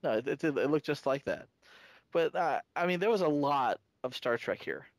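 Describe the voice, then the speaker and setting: A man co-hosting a casual fan discussion podcast, talking in halting bursts full of restarts and fillers. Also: a little high, sing-song, dry recording. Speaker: podcast co-host.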